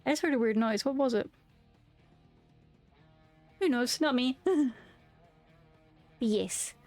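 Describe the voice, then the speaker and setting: A woman's voice: high-pitched, takes it slowly, a little mellow, soft background music. A young woman streaming casually, chatting to her viewers and humming filler tunes between remarks. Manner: bubbly, hums and sings filler tunes. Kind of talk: casual live-stream chat.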